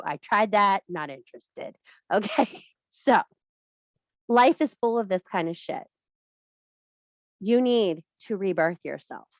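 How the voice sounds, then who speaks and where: A woman's voice: lowish voice, no room sound. Blunt, swearing middle-aged woman coach. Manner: blunt, profane, emphatic. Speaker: women's circle leader. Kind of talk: casual workshop talk. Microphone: video call.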